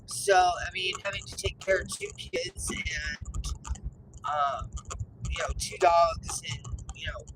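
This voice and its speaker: A woman in her fifties, a grandmother, chatting casually about her family's dogs, rambling and halting with many fillers and restarts. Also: on the low side, whispered. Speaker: grandmother telling family stories. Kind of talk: casual storytelling chat. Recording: noisy with vehicle and background hum.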